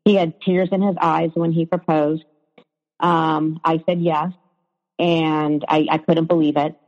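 A woman's voice: sits low, level tone, unhurried, a little mellow. Hesitant woman on a reverberant, dull line. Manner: hesitant, with frequent fillers and restarts. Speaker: guest sharing her story. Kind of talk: personal storytelling in a conversation.

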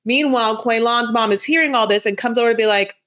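A woman's voice: fairly high pitch, quick pace, a bit bright. A woman co-hosting a podcast, recapping a reality show in loose, rambling casual chat. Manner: loose, rambling, many restarts and fillers. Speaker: podcast co-host.

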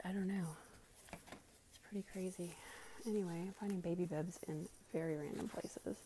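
A woman's voice: fairly low pitch, steady tone, unhurried, pauses often, dark tone, a little hiss or hum. A young woman vlogging casually while cleaning her living room at home. She is out of breath and rambles, with many fillers and sighs.

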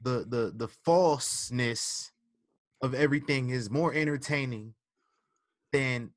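A man's voice: mid-range voice, slow pace, dry recording. A man hosting a casual wrestling podcast, rambling with ums and restarts as he vents. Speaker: podcast host.

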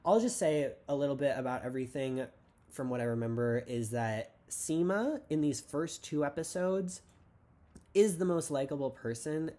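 A man's voice: mid-range voice, dark tone. A man hosting a casual TV recap podcast, rambling and sarcastic with lots of "like". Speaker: podcast host.

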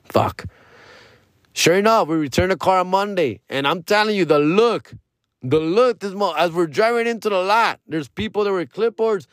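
A man's voice: sits high, moderate pace, no echo, clean studio sound. A man hosting a podcast, telling a story casually and profanely, acting out the people in it. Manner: profane, animated retelling with quoted dialogue. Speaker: podcast host.

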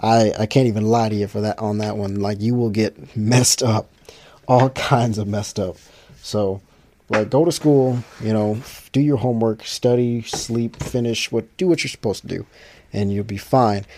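A man's voice: on the low side, fairly even intonation, moderate pace, dark tone, a little hiss or hum. A man chatting casually to his viewers, rambling with frequent restarts and fillers.

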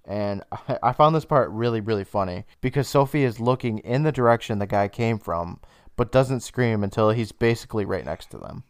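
A young man co-hosting a podcast, casually retelling an episode's plot with laughs and quick bursts of high mock voices. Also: smooth, no echo, studio quality. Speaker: podcast co-host. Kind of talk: casual recap chat.

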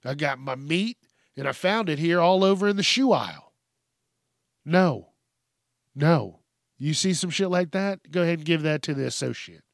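A man rants through a comedic news podcast, swearing freely and breaking into laughter at himself. His voice sits a little high for a man. The recording is bone-dry and close. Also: no room sound. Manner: profane, exasperated ranting with bursts of laughter. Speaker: podcast host.

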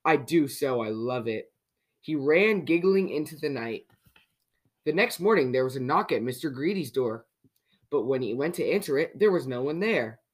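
Kids' podcast host reading a storybook out loud, lively, keeps asking the listener questions. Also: mid-range voice, moderate pace, breathy edge. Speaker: children's story reader. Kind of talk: reading a picture book aloud to children.

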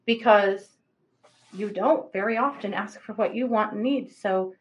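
A woman co-hosting a livestream, giving chatty, animated astrology readings and laughing often. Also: medium pitch, measured pace, poor audio. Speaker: psychic reader, co-host.

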